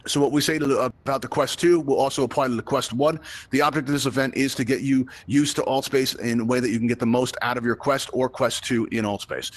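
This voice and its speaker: Hosting and teaching a live virtual reality tutorial, a man from Brooklyn, United States, speaks quickly in a steady, medium-pitched voice with no echo. He's talkative and playful, frequently asking the audience "right?" to check they're following.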